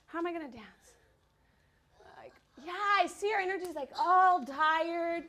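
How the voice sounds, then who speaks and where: High-voiced, energetic woman dance teacher. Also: a little slow. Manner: energetic, animated, counts rhythm aloud. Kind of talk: leading a children's dance class. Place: classroom.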